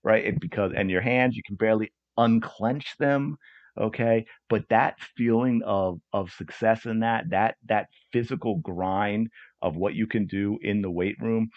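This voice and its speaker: A man with a low voice talks alone on a coaching podcast. He sounds earnest and often repeats or restarts words. The recording is dry and a little dull, with no room sound. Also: unhurried, no room sound. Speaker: podcast host and soccer coach. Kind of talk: solo podcast monologue.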